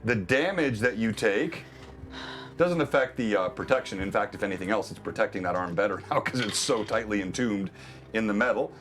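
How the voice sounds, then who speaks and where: A man running a tabletop game as game master on a live stream, animated and laughing often as he narrates and explains rules. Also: lowish voice, a little fast, soft background music.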